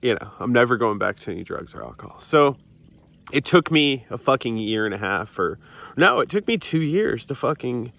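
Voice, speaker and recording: A man's voice: mid-range voice, big pitch swings, moderate pace, gravelly, fairly bright tone. A young man in a casual confessional vlog, rambling and swearing, filming outdoors on a hillside with a handheld camera. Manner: rambling, profane, self-mocking with restarts. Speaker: vlogger.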